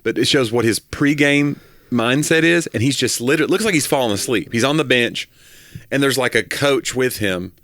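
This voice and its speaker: A man's voice: mid-range voice, no echo, studio quality. A man co-hosting a podcast, telling jokey stories in casual comedic chat. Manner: joking, animated storytelling. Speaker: podcast co-host.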